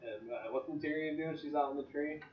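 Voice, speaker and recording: A man narrating as game master and podcast host, rambling and relaxed. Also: a little high, brisk, lo-fi sound.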